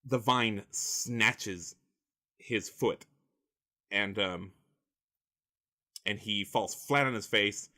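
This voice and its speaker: A man's voice: fairly low pitch, drawn-out words, pauses often, pushed and bright. A man narrating as game master in a rambling, hesitant way with many fillers.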